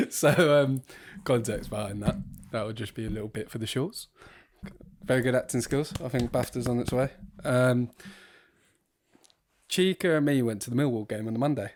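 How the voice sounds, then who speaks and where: A young man, co-hosting a casual podcast in an even, mid-pitched voice. He rambles, restarts his sentences and laughs easily as he tells a story. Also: normal speed. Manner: giggly, rambling, restarts a lot. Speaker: podcast co-host.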